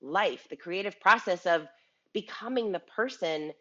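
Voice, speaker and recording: A woman's voice: fairly low pitch, unhurried, a bit bright, dull audio. A woman giving a casual motivational talk, chatty, often restarting words and checking in with the listener. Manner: chatty, repeats words and asks the listener "right?". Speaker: speaker on a business show.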